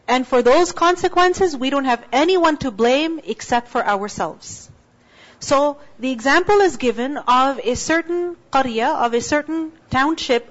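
A woman teacher giving a Quran class lecture, reciting Arabic and translating it, explaining patiently and asking the class questions, on a dull lo-fi recording. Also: sits high.

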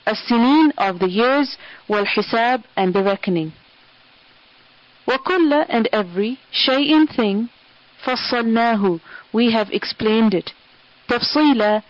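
A woman's voice: a little high, no room sound, lo-fi sound. A woman reciting scripture one Arabic word at a time and giving a short English gloss after each, in a clipped, methodical way. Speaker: Quran word-by-word translator.

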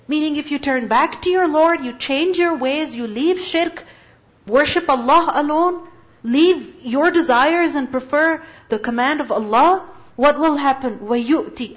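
Woman Quran teacher, high voice, lecture delivery, slightly muffled recording. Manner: asks rhetorical questions, acts out little dialogues; recites Arabic verses. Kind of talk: religious lecture.

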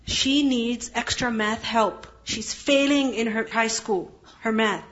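In a dull, lo-fi recording, a woman with a fairly high, slightly bright voice slowly teaches a Quran lesson. She explains Arabic terms and poses rhetorical questions to her class.

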